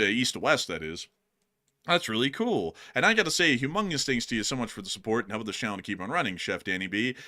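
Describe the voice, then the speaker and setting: Brief: man co-hosting a livestream, bright and animated, jokey. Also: mid-range voice. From Utah, United States. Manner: jokey, laughs often, animated. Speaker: livestream co-host. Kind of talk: casual livestream chat.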